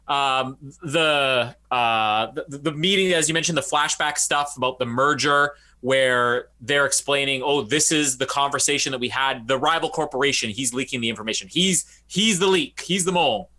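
A man co-hosting a casual movie podcast, laughing often and slipping into quick comic voices. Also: medium pitch. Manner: laughs often, animated, does quick funny voices for quoted characters. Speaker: podcast co-host. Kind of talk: casual movie-review chat.

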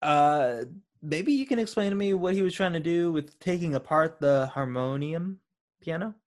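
A man with a somewhat high voice co-hosts a casual podcast about film, speaking at a moderate pace. Curious and inquisitive, he asks questions and builds up theories hesitantly, using lots of "uh" and "like."

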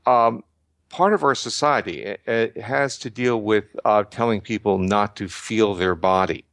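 A man's voice: fairly low pitch, unhurried, fairly bright tone, no echo. An older man answering interview questions, explaining ideas at length with frequent restarts and fillers. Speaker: guest researcher.

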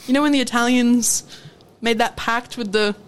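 A young woman co-hosting a podcast, telling a work story in a casual, animated way and laughing often. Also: on the high side, normal speed, clear, resonant tone. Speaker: podcast co-host. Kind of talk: casual chat.

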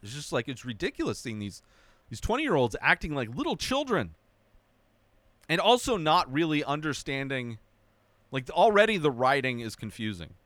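Animated man ranting through a movie review. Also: moderate pace, dry recording. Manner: animated, mocking impressions with high whiny voice. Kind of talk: casual spoken movie review.

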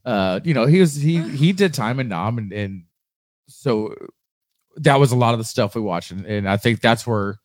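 A man's voice: medium pitch, expressive, moderate pace, dry recording. Middle-aged american guy, blunt and wry, swears a lot, dry close sound. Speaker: podcast co-host. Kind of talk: casual chat.

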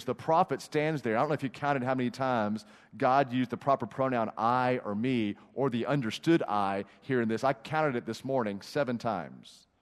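A male pastor preaches to his congregation, pressing his points through repetition and well-timed pauses. His voice sits at an ordinary pitch and carries a long reverb from the large church room. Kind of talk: sermon.

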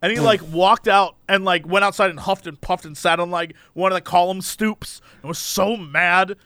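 A man's voice: high-pitched, normal speed, bright, forceful tone, no echo. A man in casual chat, telling a story and acting out the voices of the people in it.

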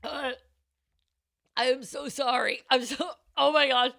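A woman's voice: high-pitched, steady tone, measured pace, vocal fry, fairly bright tone. Brash, wisecracking woman host. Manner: brash, wisecracking, bursts of laughter. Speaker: cocktail show host. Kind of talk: scripted tasting notes and casual banter.

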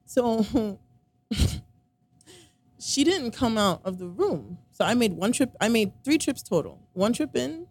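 A woman's voice: on the high side, sing-song, takes it slowly, long pauses, husky. A woman casually telling a personal story, rambling with lots of fillers and quoting what others said. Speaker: storyteller recounting a relationship. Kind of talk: casual conversation.

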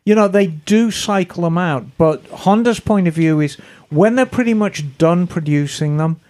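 A chatty woman co-host talks in a loose, easygoing way. She reads listener emails aloud in a relaxed, conversational tone and drops the odd casual swear word. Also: fairly low pitch, moderate pace. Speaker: podcast co-host.

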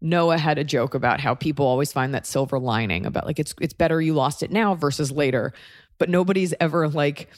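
A woman's voice: low voice, fairly quick, dry recording, clean studio sound. A woman telling a personal story in a candid, wry, conversational way.

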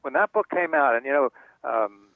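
A man's voice: medium pitch, animated, moderate pace, dry recording. An older man from North Carolina, an author guest telling heartfelt personal stories in a radio interview, often repeating words when moved. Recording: tinny phone line.

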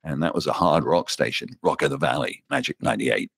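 An English man with a very deep voice spins anecdotes from his years in radio. He tells them as a relaxed, animated storyteller. The sound is dry and close, with no room echo. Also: fairly quick, gravelly, breathy edge. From England. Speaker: radio DJ guest. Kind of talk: casual storytelling interview.

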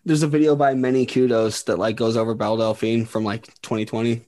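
A man's voice: medium pitch, steady tone, fast, a little mellow. Male podcast host, casual, filler-heavy, laughs at his own lines. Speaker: podcast host presenting the topic.

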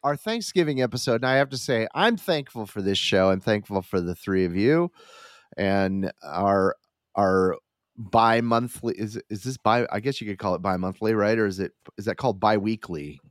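A man's voice: lowish voice, moderate pace, no room sound, studio quality. A man hosting a casual podcast chat, sounding stuffy and nasal from covid, rambling and correcting himself as he goes. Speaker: podcast host.

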